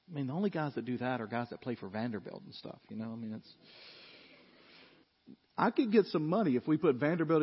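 A pastor preaching a sermon, reading scripture with loud, rising emphasis and dropping into quieter joking asides. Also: male voice, medium pitch, breathy edge. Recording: dull recording in a reverberant church.

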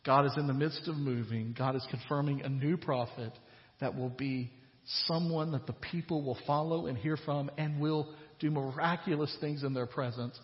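A man's voice: mid-range voice, steady tone, moderate pace. A man preaching a sermon as pastor, retelling scripture in a casual, conversational paraphrase and building to emphatic points. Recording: dull sound with long hall reverb.

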